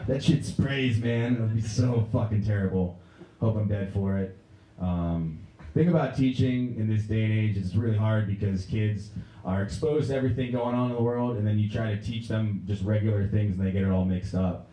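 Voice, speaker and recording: A young man from Pennsylvania doing a stand-up routine in a Pennsylvania accent, telling stories deadpan and breaking into raised voices for other people. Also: on the low side, moderate pace, recorded from a distance. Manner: deadpan storytelling, acts out characters in raised voices. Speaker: stand-up comedian. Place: movie theater stage. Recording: echoey room.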